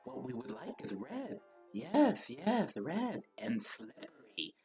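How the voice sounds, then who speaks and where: A man's voice: a little high, huge pitch swings, takes it slowly, lo-fi sound, over music, heavily acted. A man voicing bloodthirsty hallway monsters in a put-on Scottish accent, wheedling and menacing. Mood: sly. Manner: hissing, wheedling, then shouting demands.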